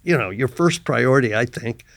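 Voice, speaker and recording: An older man talking as a guest in a casual podcast chat, thoughtful and halting, often trailing off quietly. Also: medium pitch, expressive, creaky, no echo, studio quality. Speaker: guest actor.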